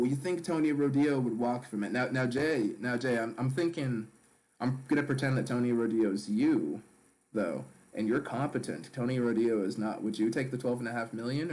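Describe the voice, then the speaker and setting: Male stream host, lowish voice, casual chatty commentary, reads the live chat aloud. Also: darkish tone.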